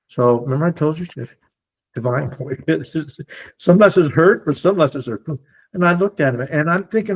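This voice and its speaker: A man speaking casually to a support group on a video call, animated and often checking in with his listeners. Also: a little high, normal speed, rough recording. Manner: animated, repeatedly checks in with "okay?". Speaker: near-death experiencer sharing his story.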